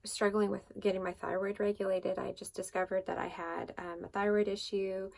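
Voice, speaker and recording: A woman's voice: mid-range voice, flat delivery, moderate pace, gravelly, darkish tone. A woman hosting a devotional talk who shares a personal faith story in a loose, conversational way, with many fillers and restarts. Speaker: devotional podcast host.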